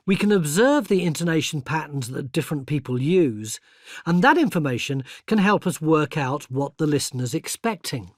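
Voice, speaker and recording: An older man narrating a scripted educational video, explaining patiently and clearly and speaking example phrases kindly. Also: fairly high pitch, lively intonation, moderate pace, no echo, clean studio sound. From England. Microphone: close studio mic.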